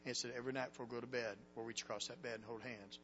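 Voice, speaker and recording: A man preaching a sermon, telling a story with dramatic swings from hushed tones to loud cries. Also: medium pitch, flat delivery, very fast, big-room sound. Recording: dull lo-fi recording with faint hum.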